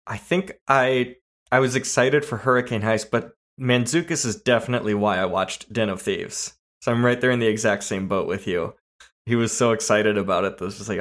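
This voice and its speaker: A man's voice: lowish voice, fairly quick, fairly bright tone. A man hosting a casual movie podcast, talkative and laughing easily as he chats. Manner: talkative, laughs while talking. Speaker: podcast host.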